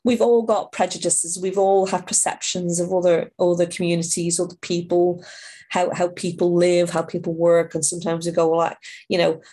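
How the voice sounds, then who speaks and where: A woman's voice: lowish voice, flat delivery, moderate pace, dark tone, slightly rough. A middle-aged woman from Ireland, an outreach worker answering interview questions in a rambling way with many restarts.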